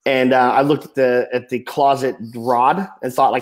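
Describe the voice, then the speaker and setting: A man in his forties speaking as a podcast guest, earnest and emotional, often trailing off softly. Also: medium pitch, steady tone, moderate pace, poor audio. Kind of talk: candid personal storytelling.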